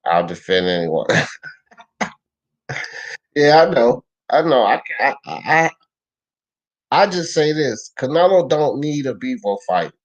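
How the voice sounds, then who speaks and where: A young man hosting a casual live boxing talk stream, reading the chat out loud, answering it, and arguing in slang. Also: fairly low pitch, rough recording. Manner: animated, slangy, argues with chat.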